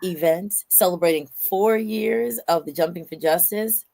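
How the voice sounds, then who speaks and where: Low-voiced woman hosting a chat. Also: moderate pace, gravelly. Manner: lively, playful storytelling. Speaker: host. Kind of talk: casual chat.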